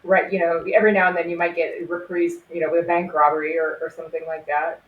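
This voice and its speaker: A woman's voice: lowish voice, little pitch movement, fast, narrow, tinny audio, slight background noise. A woman in her forties, a former crime scene investigator, telling stories earnestly in an interview and laughing easily. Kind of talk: conversational storytelling interview. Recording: roomy echo with faint ambience.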